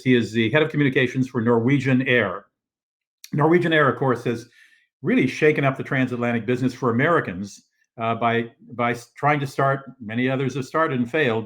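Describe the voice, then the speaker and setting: An older man hosts a casual travel show from his living room over a video call. He rambles along in a mid-pitched voice, full of fillers and restarts. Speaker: host. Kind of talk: casual live-stream talk. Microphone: video call setup.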